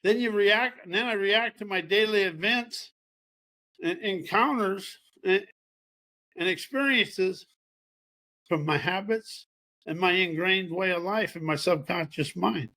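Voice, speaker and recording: Man, high-pitched, folksy and preachy self-help speaker, rambling delivery. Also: measured pace, sharp tone. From American Midwest farming region. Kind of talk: motivational talk.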